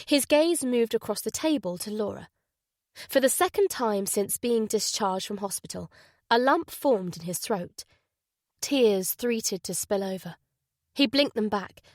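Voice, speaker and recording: A woman reading a thriller audiobook in an even, measured narration. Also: mid-range voice, no echo, studio quality. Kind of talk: scripted narration.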